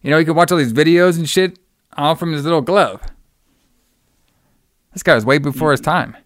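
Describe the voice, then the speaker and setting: A man's voice: fairly high pitch, normal speed, fairly bright tone, dry recording, clean studio sound. A man in casual chat, retelling a movie plot in a loose, profane, rambling way and laughing often. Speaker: podcast co-host recapping a movie.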